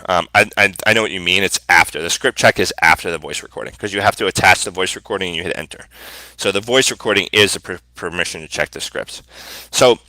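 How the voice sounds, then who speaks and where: Man, sales coach, live q&a, casual energetic talk, forceful bright tone, dry close sound. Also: low-pitched, no room sound, low-quality recording. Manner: energetic, informal, lots of fillers and restarts.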